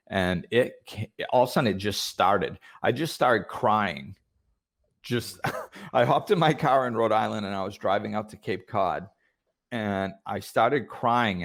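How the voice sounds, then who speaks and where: A man with a very low, deep voice hosts a podcast conversation. He talks reflectively and hesitantly, trailing off and starting over as he works through his thoughts. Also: gravelly. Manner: thoughtful, hesitant, many fillers and restarts. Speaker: podcast host.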